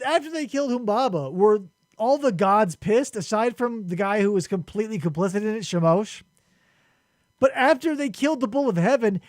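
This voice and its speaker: A man with a high voice tells an old story as a casual, profane recap, animated and joking. His voice sounds close and dry, with no room echo. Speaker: podcast host.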